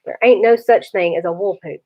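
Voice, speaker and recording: A woman reading aloud, voicing a gruff older teenage brother who is blunt but protective. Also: mid-range voice, fairly quick, close to an everyday voice. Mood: comforting. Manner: blunt, scolding. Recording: dull lo-fi recording.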